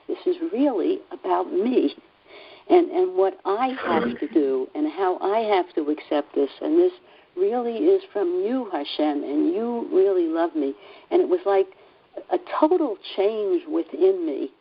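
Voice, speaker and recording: A woman sharing a personal story in a group call, earnest and halting, with many fillers and restarts. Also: on the low side, expressive, vocal fry, husky, muffled recording. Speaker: class participant.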